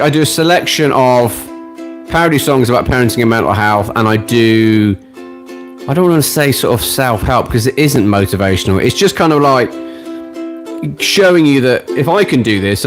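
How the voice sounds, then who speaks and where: Chatty british guy nearly fifty, goofing around on a live stream, ukulele going in the background. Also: mid-range voice. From Britain. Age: late 40s. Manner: chatty, self-deprecating, jokey. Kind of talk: casual live-stream chat. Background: ukulele playing.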